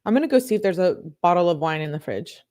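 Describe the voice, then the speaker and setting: A woman's voice: on the low side, expressive, a little mellow, slight background noise. Outraged woman ranting on a livestream. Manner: outraged, rapid, swearing, rhetorical questions. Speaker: livestream host. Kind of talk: live reaction commentary.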